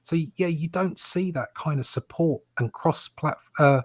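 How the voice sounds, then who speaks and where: A man's voice: fairly high pitch, unhurried, husky, dry recording, clean studio sound. A man co-hosting a casual comics podcast, rambling and repeating words as he makes his points. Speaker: co-host.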